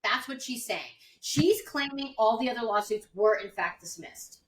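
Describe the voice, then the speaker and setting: Chatty woman cohost, kinda high voice, sounds a bit far from the mic. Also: normal speed, a bit bright. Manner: chatty, explains at length with frequent fillers. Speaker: podcast co-host. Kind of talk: casual chat.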